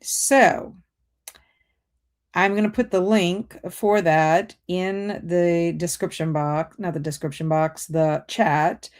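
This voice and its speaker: A woman's voice: lowish voice, steady tone, slow pace. A woman hosting a livestream, chatting casually and reading out viewer comments while multitasking. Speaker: BookTube livestream host.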